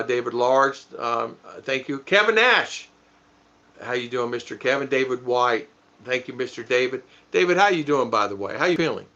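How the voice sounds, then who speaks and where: A man's voice: mid-range voice, sharp tone. A middle-aged man hosting a casual live stream, chuckling and rambling as he reads comments and thanks viewers by name. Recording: dull lo-fi stream audio.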